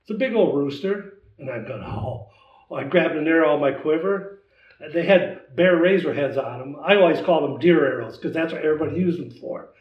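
Older guy telling stories, kinda high voice, sounds far off in a roomy space, dull audio. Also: brisk. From United States. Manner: animated storyteller, acts out voices in his tale. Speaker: guest. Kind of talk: storytelling in casual chat.

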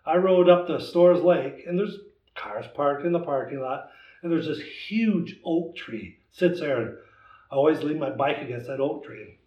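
A man in his sixties, a guest telling a hunting story in a lively, casual way, acting out the voices in it. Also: a little high, a little slow. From United States. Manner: animated storyteller, acts out voices in his tale. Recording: roomy, distant, dull sound.

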